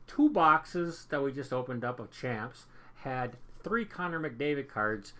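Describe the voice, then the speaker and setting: Bright-voiced man hosting a card break. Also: medium pitch, lively intonation, unhurried. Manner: upbeat, chatty, repeats himself while flipping cards. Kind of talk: casual card-opening commentary.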